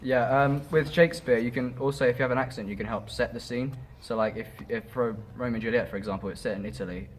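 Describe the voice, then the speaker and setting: A man's voice: medium pitch, fast talker, few pauses, slight background noise. A man drama student talking in a casual group discussion, hesitant, with many ums.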